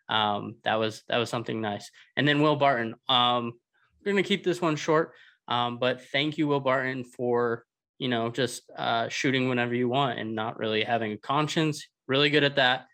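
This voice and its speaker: A man co-hosting a casual sports podcast, giving dry, sarcastic praise with many ums and pauses. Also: medium pitch, bright, forceful tone. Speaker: co-host.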